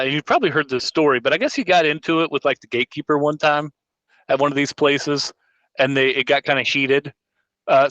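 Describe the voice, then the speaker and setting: A man's voice: on the high side, sharp tone, no echo, muffled recording. A man co-hosting a podcast, chatting casually in a rambling way and often correcting himself. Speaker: podcast co-host. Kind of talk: casual chat.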